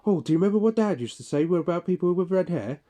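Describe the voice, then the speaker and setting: A man putting on the voice of a grown man talking loudly and fast to himself, agitated. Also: sits high, expressive, voice pushed up.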